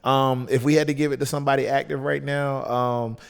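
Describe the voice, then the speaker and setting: A man's voice: medium pitch, level tone, a little fast, creaky, clear, resonant tone, big-room sound. A man with a Southern US accent, a wrestler guest chatting casually on a podcast in a loose, laid-back way with lots of fillers.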